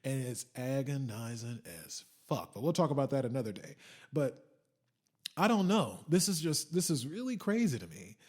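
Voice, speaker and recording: A man's voice: medium pitch, big pitch swings, moderate pace, a little mellow, husky. A man hosting a casual solo podcast, rambling and swearing, switching into mocking quoted voices. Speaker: podcast host.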